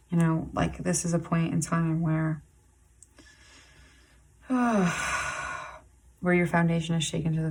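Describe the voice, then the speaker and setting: A woman giving an intuitive tarot reading to camera, halting and rambling with many "like"s and restarts, emotionally intense and pausing to sigh and breathe. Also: deep voice, creaky, a little mellow, a little hiss or hum. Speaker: tarot reader.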